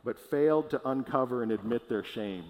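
A man's voice: mid-range voice, lo-fi sound. Earnest male pastor preaching in a reverberant hall. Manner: earnest preaching with slow emphatic pauses and small restarts. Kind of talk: sermon. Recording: long reverb of a large hall.

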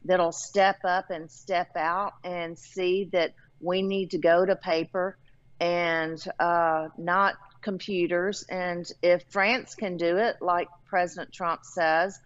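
A woman's voice: fairly low pitch, level tone, slow. A woman with a Southern American accent answering interview questions as a political candidate, earnest and plain-spoken. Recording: dull lo-fi audio.

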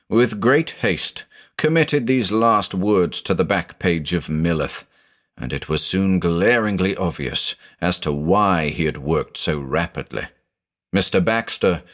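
A male narrator with a very deep voice tells a scripted audio mystery, sweeping his pitch up and down with real drama. His delivery is expressive and suspenseful.

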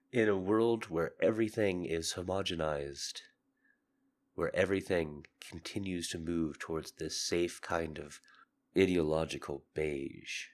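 A man hosting a podcast with a sick, hoarse voice, talking in an intimate confessional monologue. He is earnest and seductive, swinging between loud urging and soft murmurs. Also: sits low. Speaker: podcast host.

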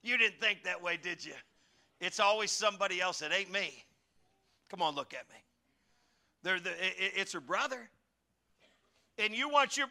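A man preaching an animated, joking sermon and speaking directly to his congregation. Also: high-pitched, moderate pace, long pauses. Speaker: pastor.

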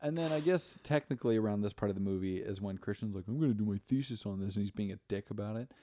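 Talking fast, a young man on his podcast rambles through a movie recap, cursing freely and performing the characters' dialogue. He has a low, warm voice, and the close, dry recording has no echo.

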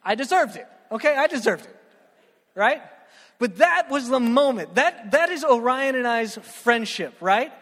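A young man preaching a sermon in an animated, joking way, checking in with the crowd with a constant "right?". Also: very high voice, unhurried. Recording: long hall reverb.

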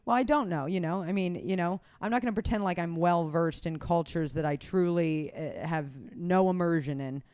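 A comedian hosts a loose, casual chat, rambling from one thought to the next and swearing freely. The voice is smooth and clear, recorded close and dry with no room sound. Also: medium pitch, normal speed, hardly any pauses, a little mellow, no room sound. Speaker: comedian and podcast host.

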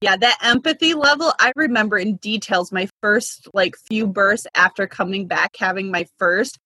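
Husky-voiced woman, chatty interview guest. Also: medium pitch, normal speed, sharp tone, no echo. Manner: chatty, laughs between thoughts, many "like" fillers. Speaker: midwife and business consultant.

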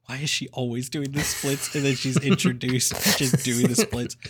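A man with a mid-pitched voice chats casually as a podcast co-host. He speaks softly and often laughs between his remarks. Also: steady tone, normal speed, slight background noise. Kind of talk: casual chat.

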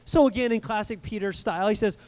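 Man, high voice, pastor, casual sermon, repeats words for emphasis, asks the congregation questions. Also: fast talker, a little mellow. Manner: conversational, repeats words for emphasis, checks in with listeners. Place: church service before a live congregation.

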